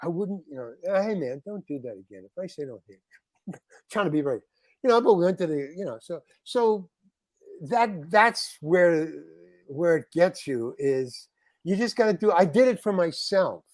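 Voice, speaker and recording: Animated storytelling man, dry close sound. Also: fairly high pitch, unhurried, dry recording. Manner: animated, acts out other people's lines in quotes, frequent restarts. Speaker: interview guest, actor. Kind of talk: anecdotal storytelling in a podcast chat.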